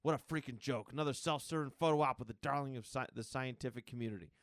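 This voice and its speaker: A man's voice: medium pitch, fast, no echo, studio quality, natural voice. A bitter jealous scientist, as a man puts him on. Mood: sneering. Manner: sneering, indignant.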